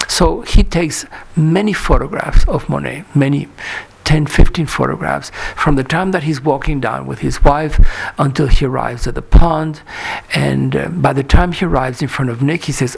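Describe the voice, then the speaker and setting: A man's voice: mid-range voice, moderate pace, creaky, husky. A man giving a conference talk, telling anecdotes about a photographer's life with frequent fillers and quoted dialogue. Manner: storytelling, many fillers, quotes characters in dialogue. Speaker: lecturer. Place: lecture hall.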